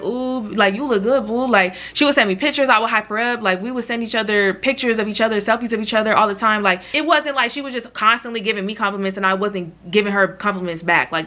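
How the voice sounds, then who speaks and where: A woman's voice: medium pitch, sharp tone. A woman vlogger telling a chatty storytime with lots of slang, talking straight to her viewers. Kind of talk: storytime vlog.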